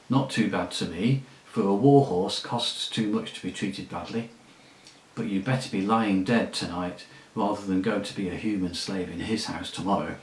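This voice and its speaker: A man reading aloud, voicing a proud male talking war horse with a brisk, commanding, scornful manner. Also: fairly low pitch, reverberant, close to an everyday voice, poor audio. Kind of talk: audiobook reading.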